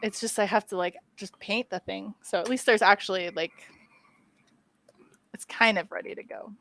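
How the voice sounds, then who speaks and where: A woman's voice: medium pitch, fairly even intonation, normal speed, gravelly, fairly bright tone. A woman chatting casually on an art podcast, giggly and offhand, with the odd swear word. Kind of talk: casual chat.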